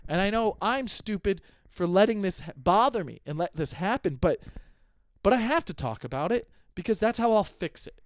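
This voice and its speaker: A man in his thirties hosts a solo podcast, ranting in an animated, exasperated, comedic way and often repeating and restarting his sentences. His voice is high-pitched with a clean tone, recorded with clean studio sound and no echo.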